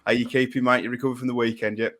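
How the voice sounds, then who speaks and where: A man with an English accent hosting a football podcast in casual chat, a little hoarse as he is losing his voice, bantering and laughing. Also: mid-range voice, flat delivery, very fast, a bit bright. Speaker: podcast host.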